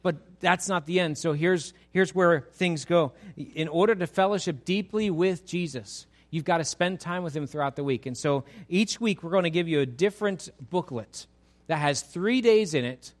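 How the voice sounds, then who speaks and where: A man preaching a sermon as pastor, swinging from loud exhortation to soft pleading, speaking to a church congregation. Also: fairly high pitch, moderate pace. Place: church sanctuary.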